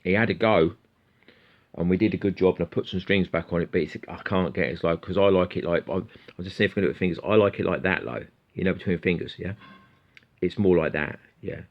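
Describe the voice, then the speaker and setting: A man's voice: deep voice, fast, dull audio. A middle-aged man chatting casually to camera as a guitar YouTuber, rambling and swearing freely.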